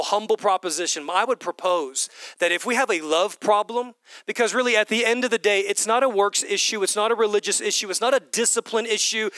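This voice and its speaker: A middle-aged man preaching with a high, bright voice. He drives his points home by repeating short phrases. The sound is close and dry, with no room echo. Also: clean tone. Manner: animated preaching, repeats lines for emphasis. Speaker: pastor. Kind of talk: sermon.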